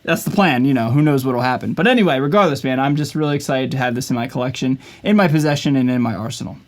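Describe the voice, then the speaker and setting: A man's voice: medium pitch, fast talker. A man talking casually to the camera at home in a vlog, upbeat and chatty and filling his talk with "man" and "like". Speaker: vlogger and guitarist. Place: at home in his usual filming spot.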